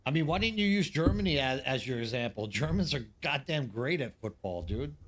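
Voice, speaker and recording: A man's voice: mid-range voice, animated, a little fast. A man in his forties, a game streamer, rambling in casual live-stream chat and talking straight to his viewers.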